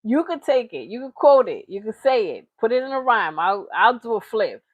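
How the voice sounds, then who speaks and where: A woman's voice: fairly high pitch, very animated, moderate pace, dry recording. A woman hosting a reaction channel, talking in casual, chatty commentary with frequent laughs. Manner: chatty, laughing, slips into mocking impressions.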